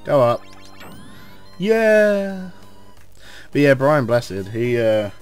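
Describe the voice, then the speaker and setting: An English man giving casual, rambling commentary while playing a video game, cursing at enemies and shouting when things go wrong. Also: on the low side. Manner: excitable, swears at enemies, rambling asides. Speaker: let's play host.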